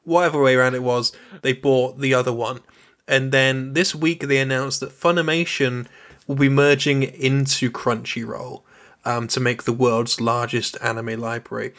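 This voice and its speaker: A man's voice: medium pitch, level tone, normal speed, a bit bright. A man co-hosting a podcast, chatting casually with dry, wry asides. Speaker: podcast co-host.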